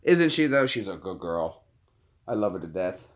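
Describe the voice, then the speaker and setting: A man hosting a casual live chat, often cooing soft baby talk to his dogs. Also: low-pitched, sing-song, normal speed. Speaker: channel host.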